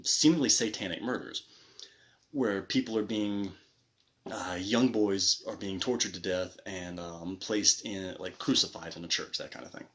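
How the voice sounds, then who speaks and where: A man's voice: on the low side, a bit bright. A man reviewing a movie in casual, rambling commentary, full of restarts and asides. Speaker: film reviewer.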